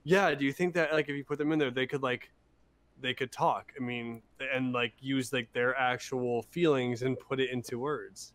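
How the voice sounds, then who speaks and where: A man co-hosting a casual podcast, excitable and laid-back with a drawling surfer-like manner. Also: medium pitch, moderate pace. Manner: excitable, laid-back, says he sounds like a stoner. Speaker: podcast co-host. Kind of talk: casual chat.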